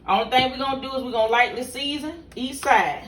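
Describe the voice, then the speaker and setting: A woman's voice: sits high, fast talker, fairly bright tone, slight background noise. A middle-aged woman, chatting casually to viewers while demonstrating a home cooking recipe in her kitchen. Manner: folksy, chatty, instructive, addresses viewers directly. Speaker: home cook, vlog host.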